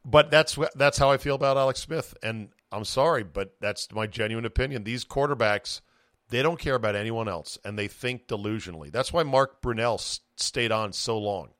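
In clean studio sound with no room tone, a man hosts a podcast and chats casually about sports. His voice is mid-range and fairly bright at an ordinary pace, and he's profane and opinionated, imitating what players might say.

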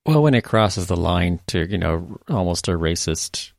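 A man hosting a podcast interview, speaking in a calm, thoughtful way. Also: low voice, normal speed, vocal fry, no echo, clean studio sound. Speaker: podcast host. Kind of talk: casual interview.

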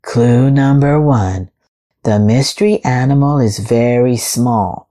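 A woman voicing a slow, kindly turtle hosting a party in a storybook reading. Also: extremely low pitch, dark tone, pitched below the performer's own voice. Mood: announcing. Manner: slow and measured. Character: slow, kindly old female turtle host.

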